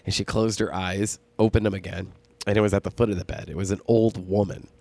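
A man casually telling a ghost story on a podcast, animated and full of swearing. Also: sits low, fairly quick, creaky, no room sound. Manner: profane, animated storytelling, laughs often. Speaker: podcast co-host.

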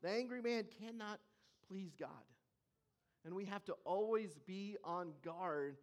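A preacher delivering a sermon in an earnest, emphatic manner, slowing down and pausing on key words. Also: medium pitch. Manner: earnest, emphatic, with slow weighty pauses.

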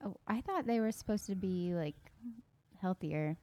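A woman's voice: mid-range voice, lively intonation, normal speed, dark tone, no room sound. A young woman co-hosting a music podcast, laughing often and asking curious questions in casual chat. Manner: giggly, curious, asks lots of questions. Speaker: podcast co-host.

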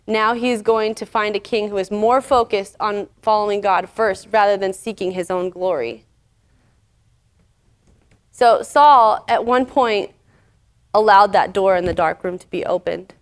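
A woman's voice: mid-range voice, fairly even intonation, a little slow, long pauses. A woman teaching a casual Bible lesson, paraphrasing the story in a chatty way with fillers.

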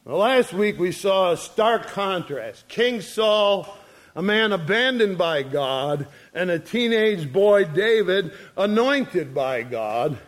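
A man preaching a sermon in a folksy storytelling way, chuckling as he goes. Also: high-pitched. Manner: folksy, chuckles through his stories.

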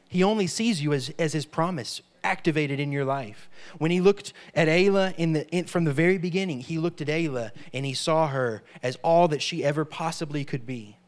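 Emphatic higher-voiced male preacher. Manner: emphatic, repeats key phrases, frequent "amen". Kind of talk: sermon.

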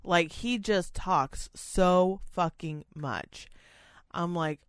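Here is a profane, rambling speaker of middle pitch, telling a work story in casual chat. The voice sits close in a dry, dead room. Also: drawn-out words, smooth, dry recording. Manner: profane, rambling storyteller who acts out other people's voices. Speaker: podcast co-host and senior-living staff worker.

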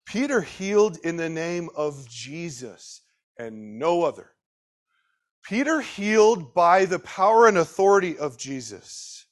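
A man preaching a sermon in a fairly high voice. He surges into loud, emphatic bursts, then drops into quiet, slowed asides. He keeps turning to his listeners with direct questions.

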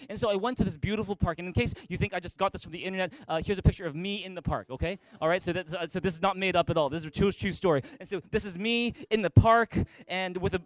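A middle-aged man preaching a sermon as pastor, telling stories with playful humor and quick repetitions. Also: sits high, a bit bright, no echo. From Canada. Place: large church hall.

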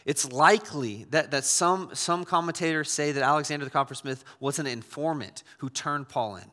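Bright-voiced male pastor in a reverberant hall. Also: mid-range voice. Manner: conversational, with frequent restarts and repeated words. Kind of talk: sermon.

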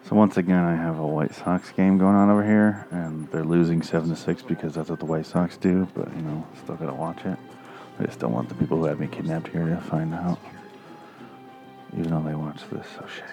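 A man's voice: low-pitched, fairly even intonation, fairly quick, warm tone, lo-fi sound, faint music behind. A man giving rambling, crude, sarcastic commentary while watching a movie. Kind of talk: casual profane movie commentary. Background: movie audio playing.

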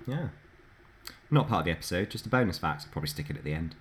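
A man's voice: low voice, very animated, very fast, background noise. A man co-hosting a podcast, chatting casually and retelling anecdotes with frequent laughter. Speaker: podcast co-host. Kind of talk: casual storytelling chat.

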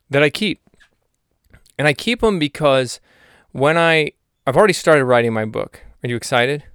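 A man hosting his podcast in a rambling, self-mocking comedic monologue with deadpan asides. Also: medium pitch, gravelly, clean tone, no echo, clean studio sound. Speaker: podcast host.

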